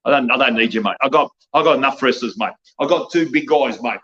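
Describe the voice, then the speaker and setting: A man's voice: medium pitch, fast talker, pushed and bright, lo-fi sound. A man, a wrestling promoter talking bluntly and profanely in a rambling podcast chat, ending his lines with "mate".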